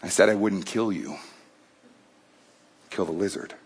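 A man voicing a stern male angel who speaks slowly, calmly and firmly. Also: low voice, slightly rough. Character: stern fiery male angel, calm and relentless.

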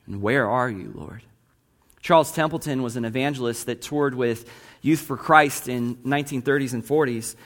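A man of middle pitch delivers a sermon in an earnest preaching manner. He poses rhetorical questions to his listeners and reads long quotations aloud. His voice sits at an ordinary pitch for a man. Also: fairly bright tone. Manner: asks the congregation rhetorical questions. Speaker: pastor.

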